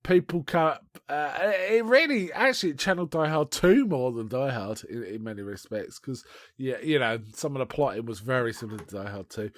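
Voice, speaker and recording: A man's voice: mid-range voice, fairly quick, dry recording. Chatty man retelling a film. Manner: rambling, animated retelling with laughs and restarts. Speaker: podcast co-host. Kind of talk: casual chat reviewing a film.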